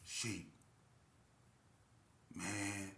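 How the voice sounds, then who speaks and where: A man voicing a grown male friend who speaks in a low, quiet, blunt and serious way. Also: level tone, very slow, vocal fry, reverberant, a little hiss or hum, exaggerated voice.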